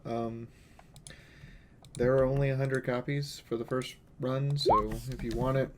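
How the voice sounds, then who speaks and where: A man's voice: mid-range voice, level tone, a little slow, background noise. A man running a tabletop game, chatting casually as he calls a break. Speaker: game master. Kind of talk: casual chat between game turns.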